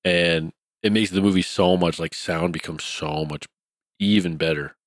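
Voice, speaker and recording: A man casually chatting about a horror film as a podcast co-host, relaxed and laid-back, laughing easily. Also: low voice, moderate pace, no echo. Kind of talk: casual horror movie review chat.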